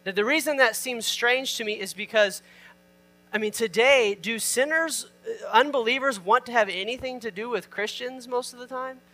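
Guy pastor with a pretty high voice, preaching casual, reads the verses then explains them, asks the crowd questions. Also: normal speed, sharp tone. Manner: informal, asks the listeners questions; reads scripture aloud and explains it. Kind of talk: conversational sermon.

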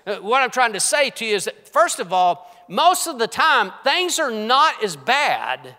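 A man preaching a sermon as pastor, dropping to hushed whispers and rising to emphatic, forceful lines. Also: high voice, smooth. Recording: long hall reverb.

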